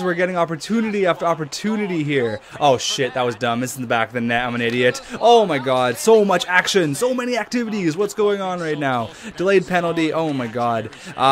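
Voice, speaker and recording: A young man giving excited, swearing commentary over a hockey video game, trash-talking and bursting into laughter. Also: medium pitch. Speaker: gaming YouTuber.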